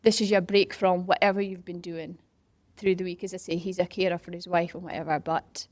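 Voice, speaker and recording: A middle-aged woman being interviewed, telling a story in a lively, casual way, acting out what other people said and dropping into whispers. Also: fairly low pitch, a little fast, dry recording. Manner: animated, acts out quoted voices and whispers for effect. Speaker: interview guest, parkrun organiser.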